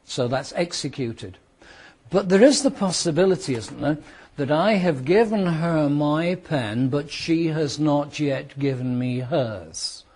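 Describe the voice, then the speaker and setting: A British man teaching a law class to students, explaining with worked examples and repeating key points, sometimes speeding up and sometimes slowing down for emphasis. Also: on the high side, expressive, darkish tone, slightly rough. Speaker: law lecturer. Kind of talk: classroom lecture.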